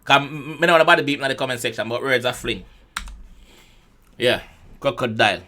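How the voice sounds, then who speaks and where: A Jamaican man hosting a casual music reaction, excitable, often repeating words and restarting. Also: mid-range voice, fairly quick.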